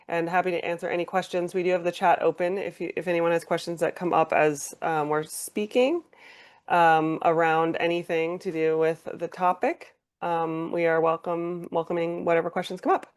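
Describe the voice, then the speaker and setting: A woman's voice: lowish voice, smooth. A woman moderating a panel on a video call, giving brief, friendly handoffs. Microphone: computer mic on a video call.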